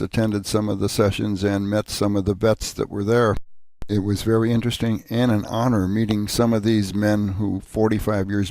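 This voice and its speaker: A man's voice: lowish voice, darkish tone, no room sound. An older man narrating a personal family history, earnest and plain-spoken, with occasional restarts.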